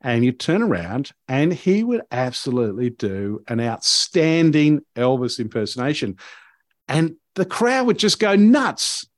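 A man's voice: medium pitch, big pitch swings, a little slow, no echo, clean studio sound. A man hosting a podcast, telling a story in a casual, rambling way with many fillers and restarts.

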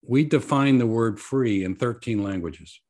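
An earnest man in conversation, laying out his story at a steady, measured pace and acting out what people said to him. His voice sits at an ordinary middle pitch for a man, neither deep nor high. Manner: earnest, measured, tells stories with quoted dialogue. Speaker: nonprofit founder guest.

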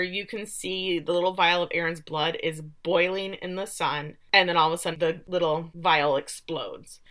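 A woman co-hosting a podcast, recapping episodes in animated casual chat, often laughing and acting out lines. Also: lowish voice, moderate pace, few pauses. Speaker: podcast co-host.

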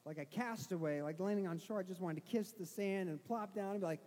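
A middle-aged man preaches with a strikingly high voice, tumbling through a self-mocking story full of restarts. His words ring out with a long reverb from a large hall. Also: brisk, darkish tone. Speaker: pastor. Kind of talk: sermon storytelling.

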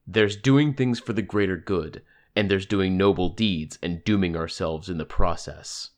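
A man's voice: low-pitched, unhurried. A man reading an audiobook, voicing a grim, secretive man who speaks bluntly and curses. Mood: guarded. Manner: gruff, blunt, profane.

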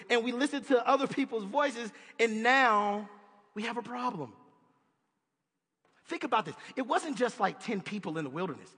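Man, preacher, sermon, high pitch, bright, husky, conversational, emphatic, long hall reverb. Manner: conversational, emphatic, asks the audience questions.

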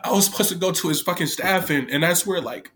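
Talking fast in a high, fairly bright voice, a man shares a tearful personal story on camera. The telling is casual and rambling, heavy on fillers such as "like" and "right?", and he swears a lot.

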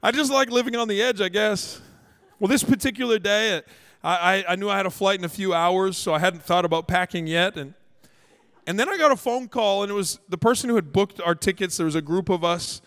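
A Canadian-born male pastor preaching with humour and emphatic storytelling. His voice sits fairly high, and it rings out with a long reverb in a large hall. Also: a little fast, fairly bright tone. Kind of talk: sermon. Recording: echoey hall.

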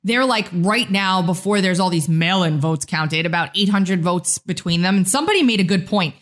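A woman co-hosting a political talk podcast, chatty and quick to laugh. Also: on the low side, expressive. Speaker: podcast co-host.

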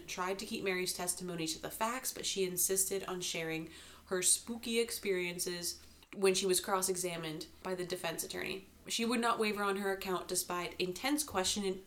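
A woman hosting a podcast, telling a historical crime story in a lively narrating voice with light asides. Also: on the low side, normal speed. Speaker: podcast host.

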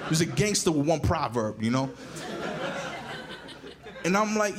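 Profane New stand-up storyteller. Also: male voice, fairly high pitch, moderate pace, long pauses. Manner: animated, profane, punchy delivery. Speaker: stand-up comedian.

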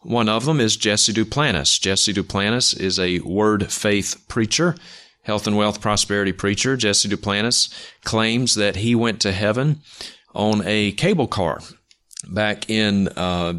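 A man with a low voice hosts a faith radio program. He talks through his topic in a measured, deliberate and skeptical way. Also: a bit bright. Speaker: radio show host. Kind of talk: talk radio monologue.

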